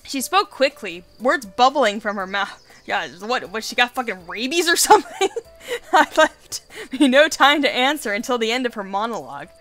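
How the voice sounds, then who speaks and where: A woman reads a dating game aloud and breaks off for giggly, foul-mouthed asides. Her voice is bright and a bit high. Faint game music runs behind her. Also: very animated, moderate pace. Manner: giggly, swears casually. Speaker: let's play host.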